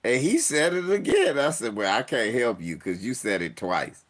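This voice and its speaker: Animated, profane storytelling man. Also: mid-range voice, normal speed. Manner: profane, laughs often, animated story voices. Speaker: podcast host telling stories. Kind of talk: casual storytelling chat.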